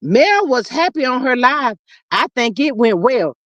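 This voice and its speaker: A high-pitched woman runs a chatty gossip livestream, calling out to viewers and reading their comments. She drawls slang and swings from loud shouts to soft murmurs. The sound is dry and close. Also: big pitch swings, a little slow, no room sound, lo-fi sound. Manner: drawling Southern slang, says child a lot, reads comments aloud; swings between loud calls and low murmurs. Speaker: livestream host reading chat. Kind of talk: casual gossip livestream chat.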